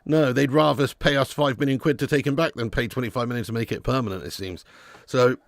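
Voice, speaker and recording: A man's voice: mid-range voice, quick pace, gravelly, dry recording, studio quality. A young man hosting a live football watch-along, chatting casually and bantering with viewers. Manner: chatty, banter with viewers, jokey put-on accents.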